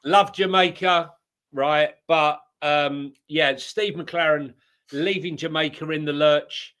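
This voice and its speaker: A man's voice: on the high side, fairly even intonation, takes it slowly, fairly bright tone, clear, resonant tone. A man co-hosting a casual football chat show, jokey and rambling, laughing often. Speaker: co-host.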